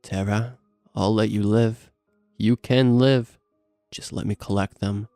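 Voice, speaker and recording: A menacing axe killer, put on by a man narrating, taunting in a slow, falsely soothing way. The voice is low and gravelly, with a dark tone over faint music. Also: fairly even intonation, no room sound, clean studio sound. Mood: coaxing. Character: menacing male axe killer, coaxing and cruel.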